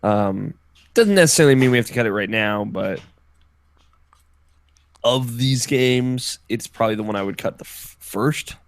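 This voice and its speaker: A man co-hosting a casual podcast chat, talking in a relaxed, rambling way with plenty of fillers. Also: medium pitch, moderate pace, pauses often, no room sound. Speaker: podcast co-host.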